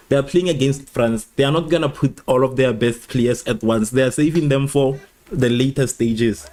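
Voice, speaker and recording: A man hosting a live football watchalong, rambling and repeating himself, who laughs at his own slips and jumps high in pitch at exciting moments. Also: normal speed. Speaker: watchalong host. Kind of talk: live match watchalong chat.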